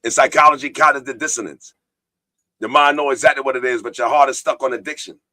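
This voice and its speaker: A man hosts a live stream and preaches hard about choice and consequence, swearing freely. His voice is bright and forceful. The sound is dry and close to the mic. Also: medium pitch, steady tone, fast talker, no room sound. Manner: preachy, profane, reads viewer comments aloud. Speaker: podcast host. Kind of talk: casual live-stream talk.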